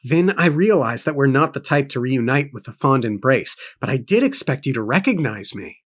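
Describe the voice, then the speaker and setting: A man's voice: medium pitch, big pitch swings, moderate pace. A man voicing a young man who claims to be a girl's brother, talking in a stiff, overly formal, scolding way while reading a book aloud. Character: Reen, young man posing as Vin's brother. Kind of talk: read-aloud fiction dialogue.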